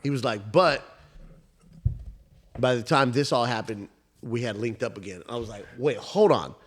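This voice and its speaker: A man's voice: mid-range voice, moderate pace. A young man telling a story on a casual podcast, swearing freely and acting out every line of the dialogue. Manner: profane, animated storyteller acting out both sides of the dialogue. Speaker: podcast co-host.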